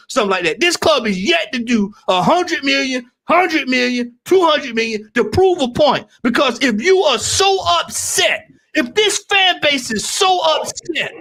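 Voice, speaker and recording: A man on a football fan stream, ranting heatedly with lots of repetition and frequent shouting. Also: very high-pitched. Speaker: football podcast panelist.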